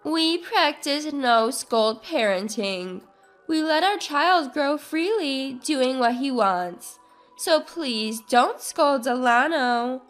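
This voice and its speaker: A woman's voice: high voice, animated, slow, fairly bright tone, soft background music, full character voice. A woman playing a smug, condescending sister-in-law.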